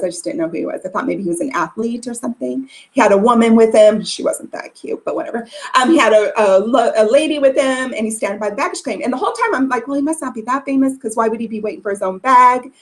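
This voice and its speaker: A woman giving a motivational business talk, telling a story in a chatty, animated way with lots of fillers. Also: on the high side.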